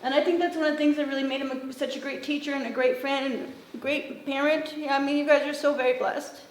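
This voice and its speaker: High-voiced woman speaking at a memorial. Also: steady tone, fast. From Northern California. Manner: conversational, many fillers and restarts. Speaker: former student giving a eulogy. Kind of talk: memorial tribute speech. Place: memorial gathering in a roomy hall. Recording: roomy echo with faint ambient noise.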